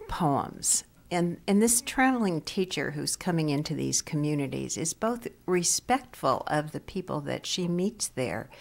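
An older woman reads her own poems to a library audience. Her voice sits low and she takes her time, drawing out each line. Her phrase endings often sink into a soft whisper. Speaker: poet and professor. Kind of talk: poetry reading. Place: public library reading event.

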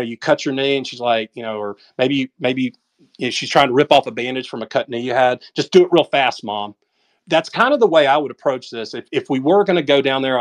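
Folksy sayings fill the casual talk of a man with a medium-pitched Southern drawl, heard over an audio call. He offers market commentary in a blunt, emphatic manner.

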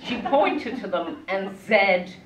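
A woman's voice: medium pitch, sing-song, slow pace, dull audio. Playful woman telling a story. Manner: playful, jokey asides, acts out characters. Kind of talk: live storytelling to children. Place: arts centre room with audience. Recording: echoey room, mic at a distance.

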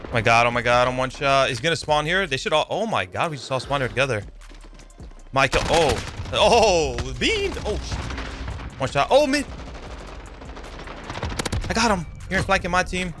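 A young man giving excitable live commentary over his own gameplay, yelping and swearing as the fights heat up. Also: on the high side, moderate pace, long pauses, background noise. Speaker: gaming YouTuber. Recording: game gunfire loud under the voice.

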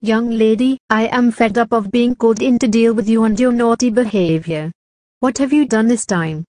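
A fed-up, scolding mother, voiced by a synthetic woman's voice in a cartoon. Her voice sits slightly high with a mellow tone, and the sound is dry. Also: normal speed, dry recording, close to an everyday voice. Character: exasperated adult mother. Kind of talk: text-to-speech cartoon dialogue.

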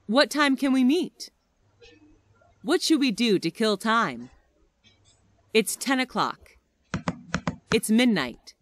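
Slow, expressive woman reading practice phrases. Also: fairly high pitch. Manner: expressive, careful enunciation. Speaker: English phrase reader.

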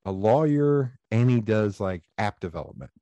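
A man with a Southern East Tennessee accent, hosting a podcast and telling animated stories in casual chat, swearing freely. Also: lowish voice, moderate pace, no echo. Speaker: podcast host.

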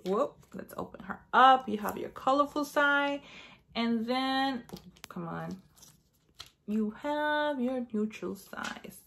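A woman's voice: high voice, lively intonation, slow pace, creaky, a bit bright, a little hiss or hum. A woman beauty vlogger chatting casually, telling a rambling story full of "like" and acting out her own lines. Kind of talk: casual chat.

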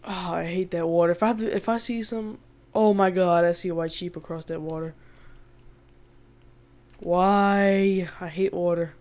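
Her voice sits on the low side with a darkish tone. This gaming video host chats casually through a let's-play of a survival game, laughing a lot and exclaiming in frustration at the animals.

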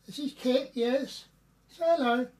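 A woman's voice: high voice, unhurried, darkish tone. A woman filming at home, talking fondly to her pets in coaxing baby-talk. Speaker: home video maker. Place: at home indoors.

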